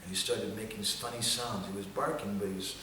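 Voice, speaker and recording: A man giving a seminar talk, telling a devotional story in a gentle storytelling manner, recorded from far off in a festival hall. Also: lowish voice, fairly even intonation, brisk, noisy background. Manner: gentle storytelling, occasional chanting. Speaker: seminar speaker. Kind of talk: storytelling sermon.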